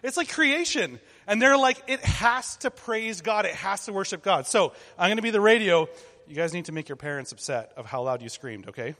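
A man's voice: sits high, very animated, brisk, sharp tone, long reverb tail. A man leading children through an interactive object lesson, talking in an upbeat, conversational way and calling for group responses. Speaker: children's ministry leader.

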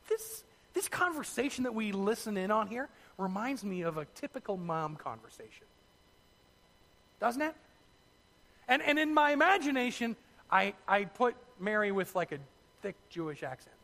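A man preaching a sermon, telling the story in a lively way with asides to his listeners. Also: high voice, normal speed, long reverb tail. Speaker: pastor.

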